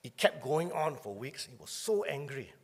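A male pastor giving a conversational sermon, often clearing his throat as he talks. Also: medium pitch, sing-song, moderate pace, big-room sound. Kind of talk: sermon with personal storytelling. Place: church hall.

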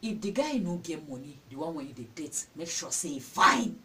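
A young woman with a Nigerian accent, giving scolding, animated advice in a vlog. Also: normal speed. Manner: animated, scolding, full of exclamations. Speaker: vlogger. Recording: distant mic with faint rumble.

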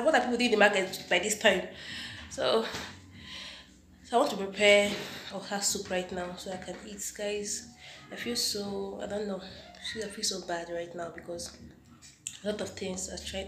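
A woman's voice: medium pitch, roomy sound, noisy background. A young Nigerian woman with a Nigerian accent, chatting casually to her viewers in a home vlog and repeating her phrases. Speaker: vlogger. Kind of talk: casual vlog chat to camera.

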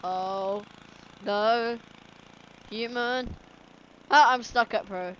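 A woman giving excitable let's play commentary, exclaiming and chattering at the game as she plays. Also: on the high side, drawn-out words, dull audio. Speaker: gaming video host. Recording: game sounds and noise behind. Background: video game sound effects.

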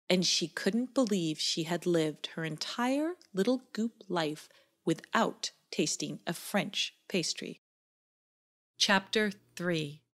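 A woman narrating a children's story in a gentle, expressive storytelling manner. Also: on the low side.

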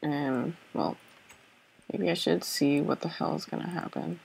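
A woman's voice: deep voice, steady tone, measured pace, creaky, darkish tone, slightly rough, rough recording. A woman narrating her own puzzle-game play, thinking aloud in a hesitant, self-doubting way with many fillers and repeated okays. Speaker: let's play gamer. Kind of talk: thinking-aloud gameplay commentary.

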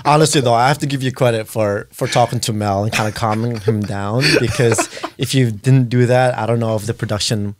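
Dude on a podcast, mid voice, chill and chatty. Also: male voice, mid-range voice, brisk, few pauses. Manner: relaxed, chiming in. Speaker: podcast guest. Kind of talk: casual chat.

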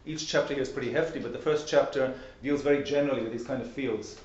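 A man's voice: mid-range voice, steady tone, fast talker, a little mellow, recorded from a distance. A man giving an academic workshop presentation in a seminar room, talking conversationally and posing rhetorical questions. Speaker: lecturer. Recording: very echoey, dull room recording.

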